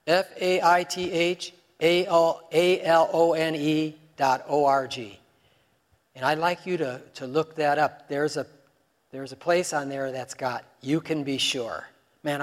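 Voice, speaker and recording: A man with a high voice preaches a sermon, talking to the listeners as if in casual conversation and throwing out rhetorical questions. His voice rings with the long reverb of a large hall.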